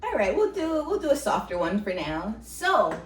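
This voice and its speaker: Young woman interviewer, lively teasing delivery, echoey room, mic at a distance. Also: medium pitch, normal speed. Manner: teasing questions, laughs often. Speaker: podcast co-host, interviewing her mother. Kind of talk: casual chat.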